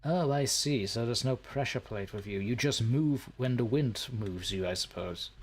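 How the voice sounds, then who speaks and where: A man's voice: mid-range voice, normal speed, slightly rough. A man hosting a let's play, joking and sarcastic as he talks to the creatures in the game. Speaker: gaming channel host.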